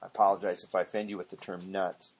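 Husky-voiced man rambling through Bible teaching. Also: low-pitched, flat delivery, fast talker, darkish tone. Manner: rambling and digressive, often correcting himself. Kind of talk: informal Bible study teaching.

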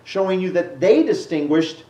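A man preaching a Bible-teaching sermon and answering a question from the congregation, animated, acting out the scripture he quotes. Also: sits high, moderate pace, dull audio. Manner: animated, acts out quotes with rising voice. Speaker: pastor. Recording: echoey room, mic at a distance.

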